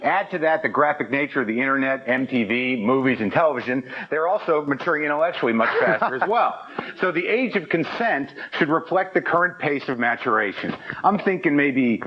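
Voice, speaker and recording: A man's voice: medium pitch, lively intonation, brisk, breathy edge. A man comedian on a panel, arguing an outrageous position in a mock-earnest way. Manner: mock-earnest argumentative delivery. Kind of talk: stand-up style comic bit. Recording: muffled broadcast audio with hiss.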